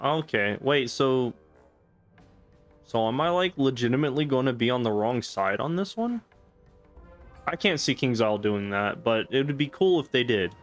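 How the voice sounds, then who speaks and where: A man's voice: medium pitch, expressive, normal speed. A young man giving sardonic, profane commentary while playing a game, mocking the story. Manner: sardonic, swears, mocks the story. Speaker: let's play host. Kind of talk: comedic gameplay commentary. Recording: faint background game music.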